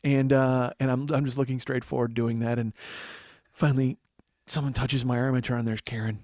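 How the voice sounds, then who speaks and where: A man's voice: medium pitch, little pitch movement, brisk, a little mellow, dry recording. Comedian host, middle-aged man, exasperated profane storyteller, bone-dry mic. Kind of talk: storytelling monologue.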